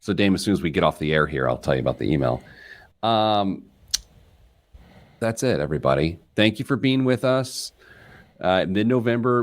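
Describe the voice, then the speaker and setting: Male host, very low voice, casual and self-deprecating on air. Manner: self-mocking, chatty, jumps in pitch when excited. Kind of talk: casual radio talk show chat.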